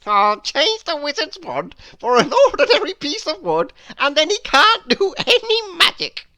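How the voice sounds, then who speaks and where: A woman's voice: huge pitch swings, unhurried, bright, forceful tone, no room sound, heavily acted. A woman doing a giggly little prankster. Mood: giggling. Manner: giggling, high squeaky delivery. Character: small mischievous male prankster, giggly and cheeky. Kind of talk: storybook read-aloud.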